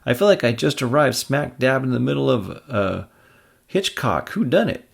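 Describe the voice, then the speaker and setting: A man's voice: mid-range voice, very animated, normal speed, gravelly, breathy edge, voice pushed up, full character voice. A man doing an earnest young college hero. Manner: earnest, quippy. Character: reasonable young male college student hero.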